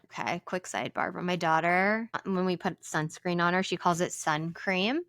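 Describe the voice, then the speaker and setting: Snarky woman co-host, low-ish voice. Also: a bit bright, no echo, clean studio sound. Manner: snarky, quick asides. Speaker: podcast co-host. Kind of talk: casual recap chat.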